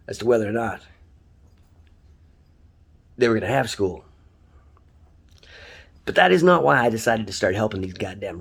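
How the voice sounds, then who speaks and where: Husky man ranting and swearing. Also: on the low side. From Canada. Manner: swears constantly, ranting, heated. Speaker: taxi driver ranting online. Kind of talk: angry profane monologue.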